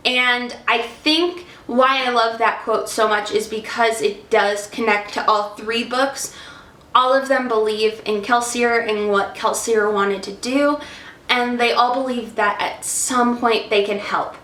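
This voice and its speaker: A woman chats about books as a vlogger, gushing and emotional in her casual review talk. Her voice sits a little high and she takes her time with each thought. The sound carries the echo of a bare room. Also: measured pace, pushed and bright. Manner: effusive, emotional, chatty. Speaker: book vlogger. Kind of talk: casual book review vlog. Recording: echoey room.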